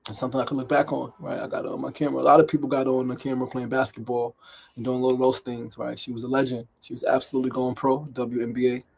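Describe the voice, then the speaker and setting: This host, a middle-aged New Yorker running a motivational daily talk show, has a medium-pitched, level voice that moves quickly and sounds creaky, slightly rough, and a little mellow. His delivery is emphatic, full of repetition and frequent "right?" questions.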